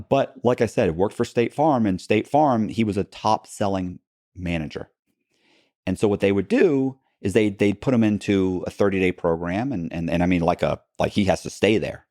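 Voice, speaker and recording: Low, gravelly man telling a story. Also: a little mellow, dry recording, clean studio sound. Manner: rambling, many restarts and asides, acts out quoted people. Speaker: podcast guest. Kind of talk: casual storytelling in a long-form interview.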